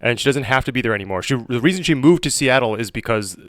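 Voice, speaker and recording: A male streamer chats on a call while he plays, deadpan and teasing, growing exasperated. His voice sits at a middle pitch. The sound is dry and close. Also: fast, no echo.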